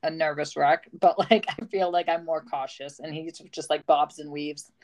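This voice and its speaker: A woman's voice: low-pitched, steady tone, moderate pace, a little mellow, rough recording. A young woman co-hosting a casual chat, laughing often and acting out stories with dramatic voices. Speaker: podcast co-host.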